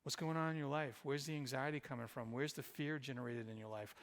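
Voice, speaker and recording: A male pastor preaching a sermon, swinging between loud emphatic passages and quiet, intimate ones. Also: mid-range voice, steady tone, fast talker. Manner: speaks in Jesus's voice to the listener.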